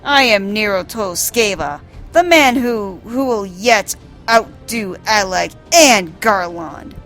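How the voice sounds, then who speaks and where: A woman's voice: mid-range voice, lively intonation, slow, fairly bright tone, faint music behind. A woman reading the lines of a proud, bitter male sorcerer rival from a video game in a defiant, scornful tone.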